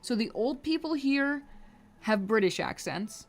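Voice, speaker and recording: Young woman streamer, unhurried, chatty rambling over her drawing work. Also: fairly high pitch, animated. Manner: rambling, talks to chat while drawing, hums between remarks. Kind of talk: casual livestream chat.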